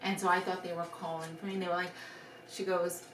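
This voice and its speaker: A woman co-hosting a podcast, chatting casually and telling an animated story with acted-out voices. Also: on the low side, fast, slight background noise. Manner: animated storyteller, acts out callers. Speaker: podcast co-host. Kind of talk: casual chat. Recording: roomy sound, mic at a distance.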